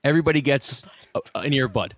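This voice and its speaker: A man's voice: mid-range voice, lively intonation, fast talker, a bit bright. Joking guy on a podcast. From Philadelphia area. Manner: joking, riffing, frequent restarts. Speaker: podcast co-host. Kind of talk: casual chat.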